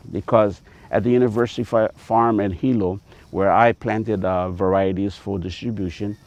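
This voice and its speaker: A man's voice: mid-range voice, dry recording. A man with a Hawaiian Pidgin accent, a farmer teaching outdoors on a taro farm in a folksy, emphatic way, mixing in Hawaiian words.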